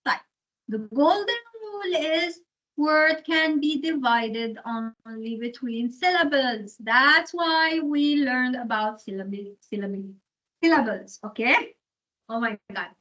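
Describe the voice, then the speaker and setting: High-voiced woman lecturer, muffled recording. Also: a bit bright. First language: Arabic. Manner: switches between English and Arabic, explains rules step by step. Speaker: English translation lecturer. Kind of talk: university lecture.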